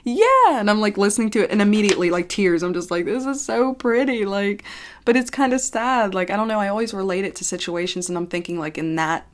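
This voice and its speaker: A woman vlogger in casual confessional chat to the camera, rambling with lots of "like" and casual swearing, by turns animated and subdued. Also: medium pitch, fast talker. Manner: expressive, jumps between laughing and subdued.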